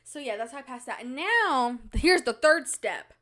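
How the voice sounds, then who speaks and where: A woman's voice: high-pitched, expressive, moderate pace, a bit bright. A nineteen-year-old woman hosting her own podcast from a small home studio, rambling and chatty with lots of fillers. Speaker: podcast host. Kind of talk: casual solo podcast chat.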